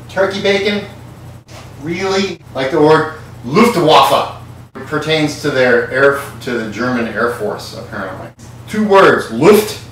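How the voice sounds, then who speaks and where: A man's voice: mid-range voice, a bit bright. A man rambles and curses his way through a comic home cooking show, tipsy and loose. He sounds set back from the mic, with a strong echo off the hard kitchen walls and a faint hiss underneath. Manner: rambling, profane, tipsy banter while cooking. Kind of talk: comedic cooking vlog. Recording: very echoey kitchen, far from mic.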